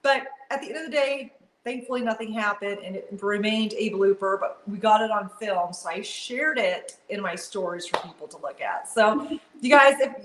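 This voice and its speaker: A woman casually telling a funny story on a live video call, animated and laughing as she acts out what people said. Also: mid-range voice, moderate pace. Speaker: guest on a live video chat. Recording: echoey room on a video call.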